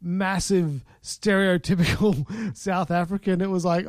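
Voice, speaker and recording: Halting, rambling man with a high voice. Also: steady tone, dry recording. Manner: rambling, halting with many restarts and fillers. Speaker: podcast co-host. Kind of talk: casual film review chat.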